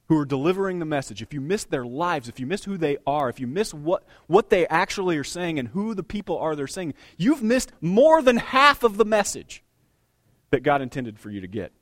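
A man in his thirties preaching a sermon as pastor, conversational and animated, with self-deprecating asides. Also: a little high, normal speed, no echo, clean studio sound. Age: 30s.

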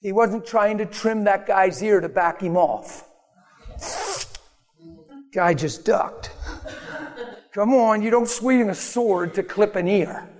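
An animated male pastor preaching a sermon with a high voice, acting out the people he quotes. The sound carries a long reverb as in a hall. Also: slow pace, pauses often, soft background music.

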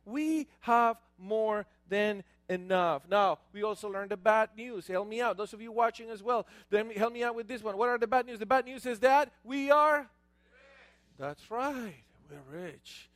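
A man, a pastor, preaching a lively sermon with stories and call-outs to the congregation. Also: high voice, normal speed, few pauses, no echo.

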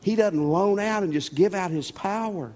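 A man preaching a sermon as pastor, folksy and animated, often repeating words. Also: high-pitched, normal speed. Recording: long reverb of a church hall.

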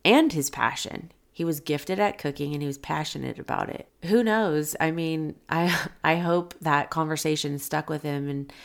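A woman's voice: low-pitched, normal speed, gravelly. A woman hosting a motivational podcast, telling a personal story in an earnest, encouraging way. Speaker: podcast host.

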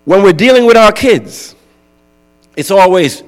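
High-voiced preacher in a reverberant hall. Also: male voice, expressive, measured pace. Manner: conversational preaching with frequent rhetorical "right?". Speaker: pastor. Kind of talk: sermon. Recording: long hall reverb with mains hum.

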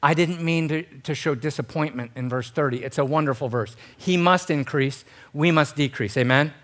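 A man in his forties preaching a sermon as pastor, animated and acting out quoted voices, with joking, self-deprecating asides. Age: 40s. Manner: animated, acts out quoted voices with big pitch jumps. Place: church sanctuary.

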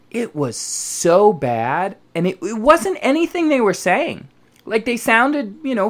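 A man hosting a football podcast, ranting casually and profanely, sometimes mocking how other people talk. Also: on the high side. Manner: profane, animated, mocks others' voices. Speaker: podcast host.

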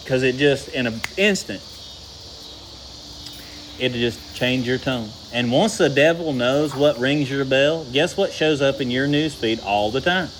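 A man's voice: mid-range voice, unhurried, fairly bright tone, slight background noise, poor audio. A man preaching a sermon in a folksy, conversational way, asking the congregation questions. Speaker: pastor.

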